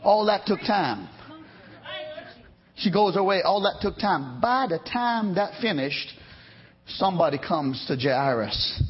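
A middle-aged man preaches a revival sermon in a church, his voice riding high. He swings from shouted calls to hushed storytelling and keeps pulling the congregation in. The recording sounds dull and lo-fi. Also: breathy edge. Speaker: pastor. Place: church sanctuary.

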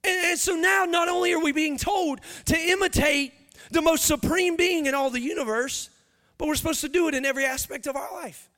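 A man in his thirties with a drawl preaches a confessional sermon. His voice sits very high and rings bright and forceful, swelling into loud, half-sung emphasis as he presses each point. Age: 30s.

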